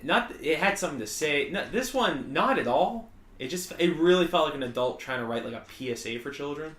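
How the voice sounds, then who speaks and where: A man's voice: fairly high pitch, lively intonation, a little fast, fairly bright tone. A man co-hosting a podcast, chatting casually and sardonically about a film, swearing and laughing often. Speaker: podcast co-host. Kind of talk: casual film-review chat. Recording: roomy echo, faint ambience.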